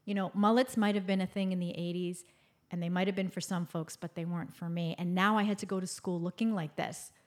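Expressive woman storyteller, hushed to bright. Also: fairly low pitch, brisk. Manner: expressive, swings from loud and bright to hushed and soft. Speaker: podcast host. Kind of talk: personal storytelling.

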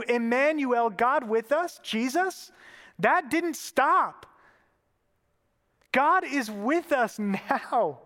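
A man's voice: very high-pitched, fairly bright tone, big-room sound. A man preaching a sermon in a casual, conversational way, using everyday fillers.

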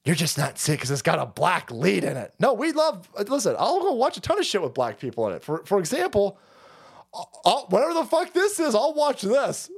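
Foul-mouthed guy ranting on his stream, high voice, mocking, all over the place. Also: wildly swooping pitch, brisk, vocal fry, breathy edge. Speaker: livestream host. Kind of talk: profane rant.

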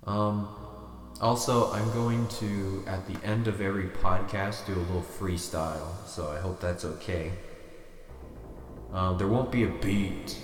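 A deadpan man hosts a podcast, rambling through absurd, self-mocking jokes in a very low voice. The room is echoey, with a long reverb tail, and faint music runs underneath. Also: measured pace. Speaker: podcast host. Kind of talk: rambling comedic monologue.

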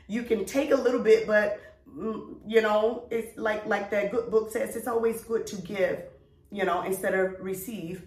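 A woman's voice: mid-range voice, steady tone, normal speed, a little mellow. A middle-aged woman, co-hosting a podcast in a casual chat, emphatic and preachy, drawing out her words. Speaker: podcast co-host. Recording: echoey room, distant mic.

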